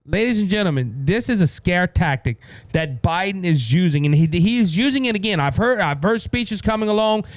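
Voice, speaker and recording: A man with a Cajun Louisiana accent hosting a solo political show, emphatic and repeating "ladies and gentlemen" with frequent restarts. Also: high voice, expressive, brisk, no room sound. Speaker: political podcast host.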